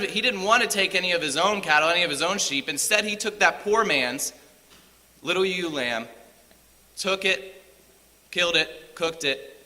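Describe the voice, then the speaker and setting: A man's voice: on the high side, bright, forceful tone, big-room sound. A man preaching a sermon in a church, retelling a scripture story with rising emphasis.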